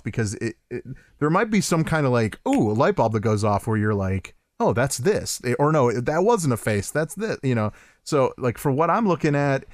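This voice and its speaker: A man co-hosting a podcast in casual chat, animated and laughing often, with many restarts. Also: mid-range voice, no echo, studio quality. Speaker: podcast co-host.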